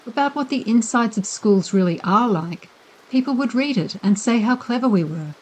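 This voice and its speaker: A woman's voice: on the high side, lively intonation, moderate pace, darkish tone, voice pushed up, low-quality recording. A woman reading the part of an eager young girl who keeps pressing her ideas. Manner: persistent. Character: eager, bossy young girl, a little injured.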